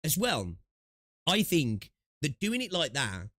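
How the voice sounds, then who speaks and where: This young UK streamer's voice is a little high and sharp, swinging hugely in pitch as he talks at a slow pace. He chats casually during a gaming livestream, rambling with lots of fillers and asides, via a close, noise-suppressed desk mic with no echo.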